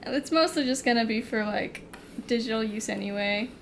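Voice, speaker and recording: A young woman on a casual stream answers in short, dry remarks. Her voice sits a little high. A faint hiss runs under it. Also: a little fast, gravelly. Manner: laconic, dry, short replies.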